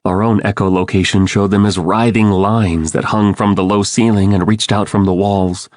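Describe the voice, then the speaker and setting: A man's voice: fairly low pitch, little pitch movement, normal speed, a little mellow, dry recording. A man giving urgent, dramatic first-person audiobook narration into a close studio mic.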